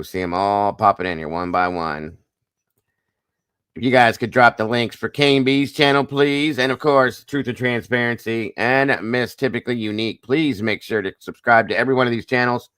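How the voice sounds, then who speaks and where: Male livestream host, lowish voice, dry close sound, rattles off viewer greetings. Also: lively intonation, moderate pace, a bit bright, no room sound. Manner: upbeat, greets viewers by name one after another. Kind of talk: casual livestream chat.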